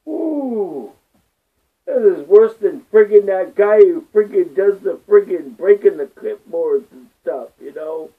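Male vlogger, high voice, rambling profane rant, slow delivery, phone-like sound. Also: sing-song, gravelly. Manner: rambling, crude, repeats filler curses. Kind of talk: profane ranting monologue. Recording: tinny phone-like lo-fi audio.

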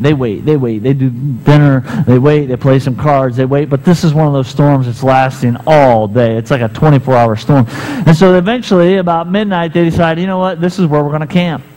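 A man's voice: fairly high pitch, a little mellow, poor audio. A male pastor preaching a sermon, telling a story and acting out the characters' lines.

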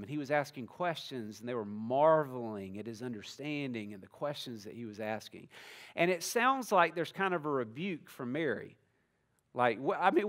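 A man, a pastor giving a conversational sermon and often asking the congregation questions. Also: mid-range voice.

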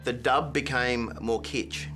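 A man's voice: mid-range voice, fairly even intonation, slow pace, bright, forceful tone, soft background music. Chatty enthusiastic male fan. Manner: enthusiastic, chatty, stumbling restarts. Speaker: interviewee, show fan. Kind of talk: documentary interview.

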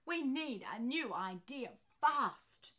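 Woman reading as cheeky storybook boy, high and loud, lively protests. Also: normal speed, full character voice. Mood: protesting. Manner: excited, whiny protests. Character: cheeky mess-loving young boy.

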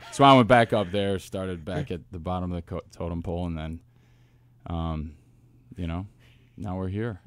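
A man, a football coach, telling stories in a casual interview with lively asides and restarts. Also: deep voice. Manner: animated storyteller, quick asides and restarts. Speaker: wide receivers coach, guest.

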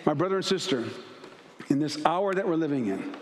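Emphatic high-voiced male pastor. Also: expressive, brisk. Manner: emphatic, storytelling with acted asides. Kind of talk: sermon. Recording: echoey church hall.

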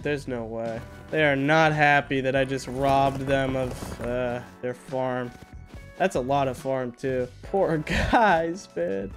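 Laid-back young man narrating gameplay. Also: mid-range voice. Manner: laid-back, joking, self-mocking. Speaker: gaming video host. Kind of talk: casual gameplay commentary.

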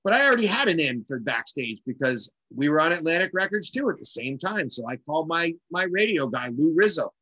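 A middle-aged man, a drummer, telling a story in casual conversation and acting out the quotes with animated energy. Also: fairly high pitch, fairly quick, hardly any pauses, slightly rough, no room sound, muffled recording. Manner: animated, acts out quotes in lively voices. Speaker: guest drummer.

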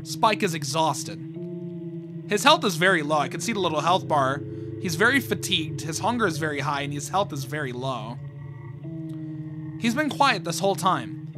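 A man with a high voice reads a horror comic aloud and drops casual reactions between the lines. Steady music plays under him throughout. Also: normal speed, pauses often. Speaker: YouTuber.

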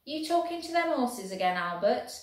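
A woman's voice: high-pitched, big pitch swings, moderate pace, voice pushed up. A woman voicing a blunt, exasperated male soldier who scolds his friend. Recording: very echoey room.

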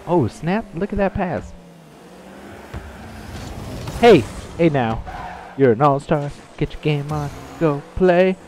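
Excitable man with a lively voice. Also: a little high, measured pace, slight background noise. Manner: excitable, shouting reactions, playful trash talk. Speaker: gaming channel host. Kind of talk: live gameplay commentary.

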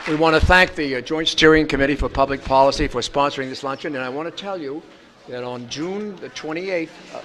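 A man moderating a luncheon talk, taking questions and closing the event in a brisk, formal way. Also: a little high, background noise. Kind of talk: hosting announcements.

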